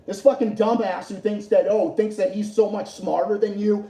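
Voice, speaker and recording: A man's voice: sits high, steady tone, normal speed, dark tone. Furious, profane ranting man, echoey room. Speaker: livestream host. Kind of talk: angry political rant.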